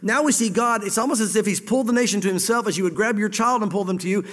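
High-voiced preacher in a reverberant hall. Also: male voice, quick pace. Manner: preaching with sudden loud emphatic bursts, then dropping low; voices God's words in first person. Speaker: pastor. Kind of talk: sermon.

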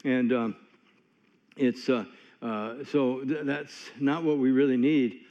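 A man's voice: medium pitch, steady tone, slow pace. A man preaching a sermon in a folksy, conversational way, telling stories with many asides. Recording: long hall reverb, dull lo-fi sound.

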